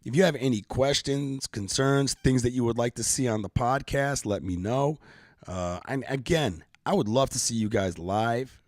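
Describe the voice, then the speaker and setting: A middle-aged man hosts a casual live-stream podcast, joking around in loose, profane banter. His mid-range voice is a little mellow and moves at normal speed, captured in a dry, studio-quality recording.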